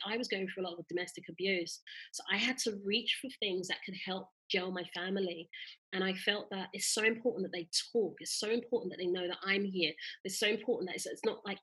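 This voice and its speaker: Bright, husky woman storyteller. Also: mid-range voice, rough recording. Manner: animated storyteller, laughs often, acts out quotes. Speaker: interview guest, mother of three. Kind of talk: casual interview chat.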